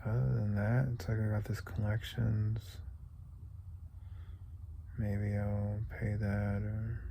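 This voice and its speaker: Gravelly young man, rambling confessional. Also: lowish voice, level tone, takes it slowly, long pauses, warm tone, a little hiss or hum. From United States. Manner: rambling, emotional, slangy, drifting into whispers. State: close to tears. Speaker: vlogger. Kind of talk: confessional vlog monologue.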